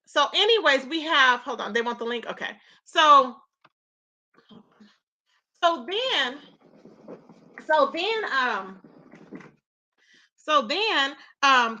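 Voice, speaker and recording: A woman hosting a casual live-stream gossip chat, animated and full of loud exclamations. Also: high-pitched.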